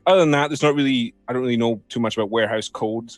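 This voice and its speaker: Male game master, mid pitch, casual narrating with frequent laughs. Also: racing, no room sound, faint music behind. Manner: easygoing, laughs often, restarts phrases.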